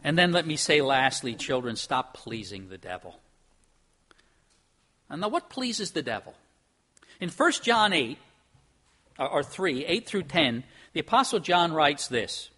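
A man's voice: a little high, sing-song, unhurried, pauses often, husky. Earnest middle-aged man preaching. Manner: earnest, emphatic preaching with shifts from soft to loud. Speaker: pastor. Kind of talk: sermon.

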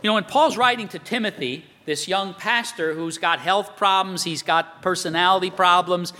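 A man's voice: sits high, moderate pace, bright, forceful tone. A man preaching a sermon in a conversational way, quoting scripture and asking rhetorical questions. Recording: long hall reverb.

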